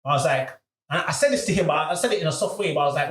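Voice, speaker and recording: A man, casually telling a story on a podcast. He is animated and uses a lot of slang, and he acts out the people in his story. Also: a little high, racing, roomy sound. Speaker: podcast host.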